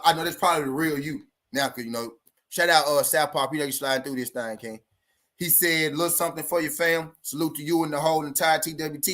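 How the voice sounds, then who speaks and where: A man hosting a live sports talk stream, reading out chat messages and ranting in a slangy, animated way. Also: a little high. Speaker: boxing talk show host.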